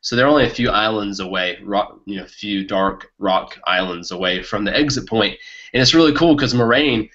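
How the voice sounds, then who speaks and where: Excitable man, bright tone, muffled audio. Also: fairly low pitch, normal speed. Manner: enthusiastic, excitable, laughs often. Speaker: podcast co-host. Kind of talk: casual book discussion.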